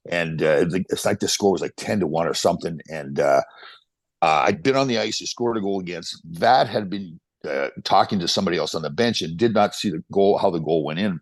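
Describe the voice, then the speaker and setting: A man in his sixties, a podcast guest telling animated stories with quick restarts. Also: low-pitched, no room sound. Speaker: podcast guest, former pro hockey player. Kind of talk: casual storytelling interview.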